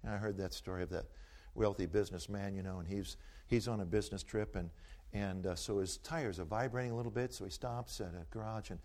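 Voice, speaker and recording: A man's voice: on the low side, fairly even intonation, a little fast, darkish tone. A man giving a talk to an audience, telling stories in a folksy way and driving his points home with rhetorical, preacherly emphasis. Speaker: speaker taking audience questions. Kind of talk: folksy storytelling lecture.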